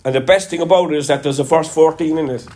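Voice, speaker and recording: A man's voice: on the high side, fast, a little mellow. A man with a Cork accent preaching a sermon, congested from a sinus infection, earnest with a lilting delivery and some self-deprecating humor. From Ireland. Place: church.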